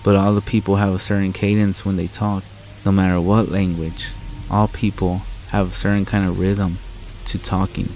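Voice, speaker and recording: Deep, flat-voiced man narrating horror. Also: normal speed, low-quality recording. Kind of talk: scripted narration. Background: rain and faint music.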